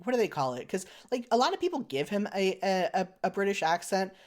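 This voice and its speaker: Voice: mid-range voice, very animated, fast. A podcast co-host in casual chat, rambling with lots of "like" and frequent self-corrections.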